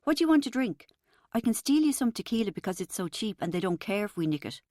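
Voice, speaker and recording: A woman's voice: medium pitch, sing-song, fast talker, mellow, dry recording, studio quality, natural voice. A woman reading an audiobook, voicing a brash, sarcastic young waitress with a blunt, bossy manner. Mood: sardonic. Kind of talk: audiobook character voice.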